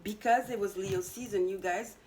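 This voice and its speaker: A woman's voice: medium pitch, moderate pace, a little mellow, slight background noise, rough recording. A woman giving a casual astrology and tarot energy reading, talking straight to her viewers in a chatty, teasing way with lots of fillers and little laughs. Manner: chatty, teasing, full of "you know" fillers, laughs at herself.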